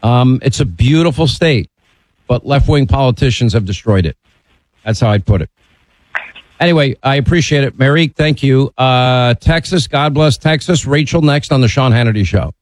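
A man hosts a call-in radio show, talking bluntly with strong opinions. His voice sits at a middle pitch. The sound is dry and close. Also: expressive, normal speed, dry recording, poor audio. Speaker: radio talk show host. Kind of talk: talk radio, taking calls.

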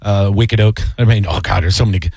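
A man chatting casually as a comedian and podcast co-host, telling stories with lively voices. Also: lowish voice, quick pace, creaky, husky, no room sound. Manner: animated storytelling with voices. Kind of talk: casual chat.

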